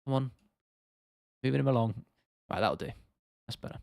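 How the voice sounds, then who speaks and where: A man's voice: medium pitch, lively intonation, moderate pace, gravelly, a little mellow, dry recording, studio quality. A young British man in his twenties, hosting a casual livestream, chatting loosely with viewers, swearing and calling them "bro". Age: 20s. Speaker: livestream host. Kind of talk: casual livestream chat reading viewer comments.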